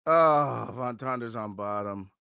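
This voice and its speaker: A man hosting a live fight watch-along, giving fan commentary, who swears often and pleads and shouts at the fighters on screen. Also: mid-range voice, slow pace, vocal fry, smooth, no echo, studio quality.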